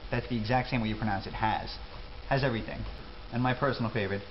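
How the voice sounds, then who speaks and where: Wisecracking New York man, quick delivery, faint hiss behind. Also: mid-range voice, muffled recording. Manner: brash, wisecracking, matter-of-fact. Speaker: accent tutor. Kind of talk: comedic tutorial.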